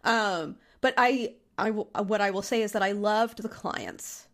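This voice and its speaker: A woman who is a therapist co-hosts a podcast, talking candidly in a casual chat and laughing often. Her mid-range voice is measured in pace but nasal and congested, and she coughs now and then.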